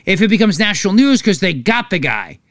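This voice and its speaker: A man's voice: high voice, very animated, brisk, fairly bright tone, no echo, clean studio sound. A man hosting a political talk show, sarcastic and mocking in his commentary. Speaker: talk radio host.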